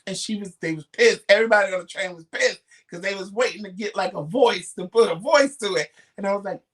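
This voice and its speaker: A talk-show co-host chatting casually, telling stories with lively acted-out quotes and slangy speech. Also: mid-range voice, fairly quick. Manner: animated storyteller acting out quotes. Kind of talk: casual chat.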